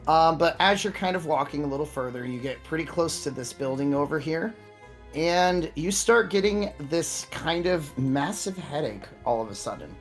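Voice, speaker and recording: A man's voice: fairly high pitch, moderate pace, soft background music. A man running a tabletop game as game master, narrating casually with many fillers. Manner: casual, filler-heavy, relaxed.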